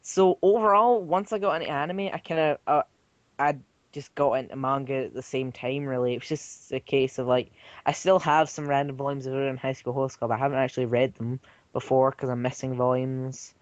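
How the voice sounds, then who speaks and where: A man chatting casually about manga and anime with friends, now and then breaking into loud mock voices. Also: steady tone, fairly quick, dry recording, highs cut off. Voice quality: slips into loud high-pitched mock voices. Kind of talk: casual chat.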